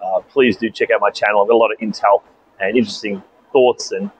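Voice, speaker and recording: There's a little hiss or hum over the dull audio as a young Australian vlogger, outdoors at a bus station, rattles through a story to camera. He talks quickly in a lowish voice, keeping it chatty and animated with asides.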